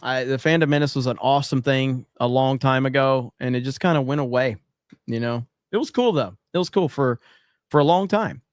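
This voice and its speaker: A man's voice: medium pitch, fairly quick, no echo, studio quality. A man hosting a casual livestream, reading viewer chats aloud and reacting in a loose, profane way with frequent laughter.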